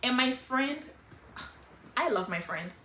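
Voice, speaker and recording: A middle-aged woman talking casually and emotionally about her life, in an animated, hyper way. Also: high voice, takes it slowly, echoey room, a little hiss or hum. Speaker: vlogger sharing life lessons. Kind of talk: casual personal talk.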